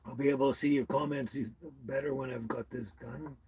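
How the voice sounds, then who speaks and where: The audio here is very noisy. A man from British Columbia, Canada, speaks briskly in a steady, medium-pitched voice, hosting a laid-back livestream in a tiny house with dogs nearby and folksily calling out viewers by name.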